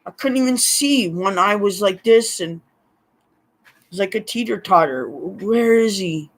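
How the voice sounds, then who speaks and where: Slow-talking man in his fifties. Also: high-pitched, expressive. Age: 50s. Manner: rambling, laughs often between remarks. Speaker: vlogger. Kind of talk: rambling personal storytelling.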